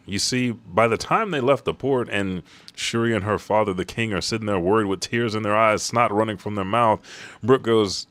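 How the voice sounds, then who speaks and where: A man hosting a live read-along of a comic, excited, slangy and profane. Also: on the low side, moderate pace, no echo. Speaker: host.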